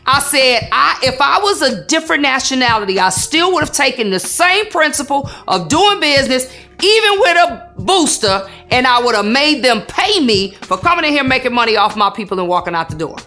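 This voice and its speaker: Female salon coach, earnest and bright-voiced, documentary testimony, faint music bed. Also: high voice, sing-song, moderate pace. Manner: earnest, emotional, preacherly rhythm.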